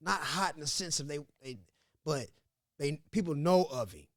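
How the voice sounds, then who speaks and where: A man from Missouri, a podcast guest, telling a story in a casual, animated, profane way and acting out what others said. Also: fairly high pitch, moderate pace, no room sound, studio quality. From Grandview, Missouri. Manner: animated, profane, laughs often, acts out quotes.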